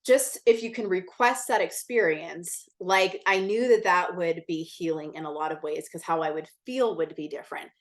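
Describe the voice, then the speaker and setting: Candid, low-voiced woman telling her story. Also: normal speed, hardly any pauses. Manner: candid and intense, swears freely; chatty, many "like" fillers. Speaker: podcast guest. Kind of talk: casual interview storytelling.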